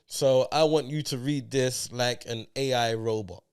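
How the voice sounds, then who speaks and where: A man's voice: mid-range voice, steady tone, measured pace, clean tone. A man with an English accent hosting a casual film review podcast, talking in a laid-back, slang-heavy way. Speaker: podcast host.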